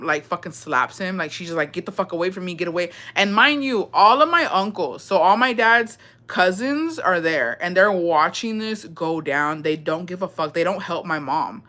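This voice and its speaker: A young woman on a livestream speaks at a moderate pace in a lowish voice. She tells her viewers a lively, swear-heavy story and mixes in bits of Spanish.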